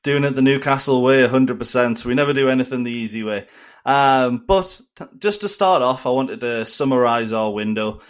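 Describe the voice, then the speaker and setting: A man hosting a casual football podcast, chatty and upbeat and quick to laugh. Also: mid-range voice, clear, resonant tone. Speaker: podcast host.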